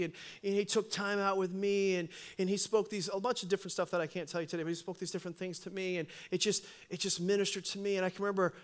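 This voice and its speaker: Middle-aged male pastor with a light, high voice; animated sermon storytelling that swells loud at its peaks.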